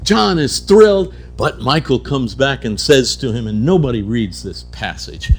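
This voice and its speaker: A man's voice: medium pitch, animated, measured pace, breathy edge. A man giving a keynote at a conference, telling mystical stories and acting out the characters in them. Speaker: keynote speaker. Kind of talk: spiritual storytelling lecture. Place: conference hall.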